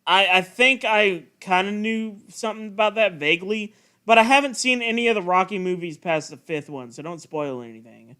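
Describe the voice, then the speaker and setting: A man's voice: high-pitched, animated, moderate pace, sharp tone, clean tone. A young man chatting on a game stream, joking and swearing. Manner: joking, swearing, laughs easily. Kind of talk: casual chat on a game stream.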